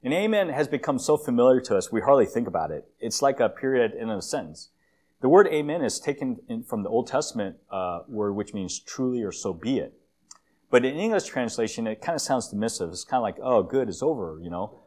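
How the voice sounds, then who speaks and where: A man giving a conversational church sermon with slides, a self-described long-winded speaker who often fills pauses and restarts phrases. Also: mid-range voice, big pitch swings, darkish tone. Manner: conversational, with frequent fillers and restarts. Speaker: guest preacher.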